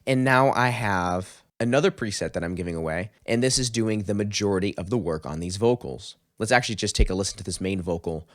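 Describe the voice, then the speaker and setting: Lowish-voiced man explaining a vocal mix. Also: a little fast, few pauses, no room sound, clean studio sound. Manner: upbeat, explanatory, walks through settings step by step. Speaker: mixing engineer teaching a tutorial. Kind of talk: screen-recorded music production tutorial.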